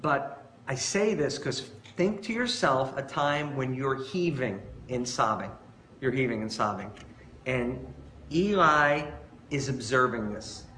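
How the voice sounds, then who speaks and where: A man preaching a sermon as pastor, conversational and animated, telling stories and asking rhetorical questions. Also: medium pitch, takes it slowly, roomy sound, slight background noise. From Long Island, New York.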